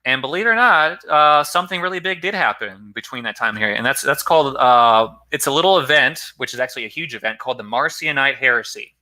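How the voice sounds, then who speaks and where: Bright-voiced man lecturing casually. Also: mid-range voice, quick pace, hardly any pauses. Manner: rambling, self-correcting, conversational; greets viewers in a live chat. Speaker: philosophy channel host. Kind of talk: casual lecture on early church history.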